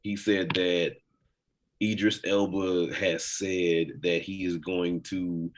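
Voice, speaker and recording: Laid-back, profane man with a low voice. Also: little pitch movement, takes it slowly. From United States. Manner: laid-back, heavily profane, rambling with restarts. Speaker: podcast co-host. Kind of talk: casual chat.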